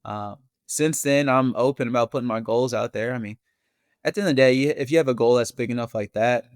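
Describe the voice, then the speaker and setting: A man's voice: medium pitch, a little fast, dry recording, clean studio sound. A man, a marathon runner, chatting casually as a podcast guest and telling stories with easy laughs. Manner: relaxed storyteller, laughs easily. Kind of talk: casual interview chat.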